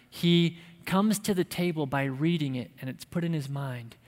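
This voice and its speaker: A male pastor preaches in an emphatic, conversational way with light humor. His voice sits slightly high. A long church-hall reverb trails his words. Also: normal speed, few pauses. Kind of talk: sermon.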